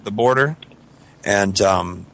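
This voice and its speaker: A man's voice: fairly low pitch, slow pace, gravelly, fairly bright tone, a little hiss or hum. Rambling, swearing male podcast host. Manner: rambling, swears, acts out voices in the story. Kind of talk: casual storytelling chat.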